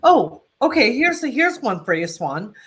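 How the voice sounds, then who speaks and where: Brisk woman host. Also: fairly high pitch, sing-song. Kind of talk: casual chat, reading viewer comments.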